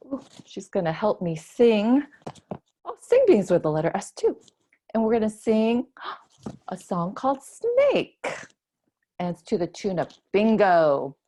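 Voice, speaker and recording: A woman's voice: mid-range voice, sing-song, slow pace, mellow. A woman, a children's librarian, teaching a preschool storytime lesson with gasps and a sing-song delivery for small children.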